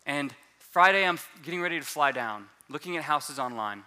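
Male pastor giving a sermon testimony; animated, a bit high-pitched, bright and forceful delivery. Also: fairly quick. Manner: animated storytelling, repeats words when restarting.

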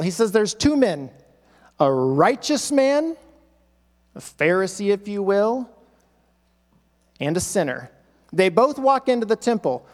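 A man's voice: sits high, a little mellow, in a large hall. A male pastor preaching a sermon, acting out quoted voices with emphatic repetition.

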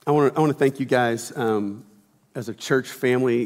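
A middle-aged man preaching a sermon in a lively, conversational way, acting out quotes and sometimes shouting. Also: medium pitch, fairly quick. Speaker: pastor. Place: church auditorium. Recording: reverberant church hall.

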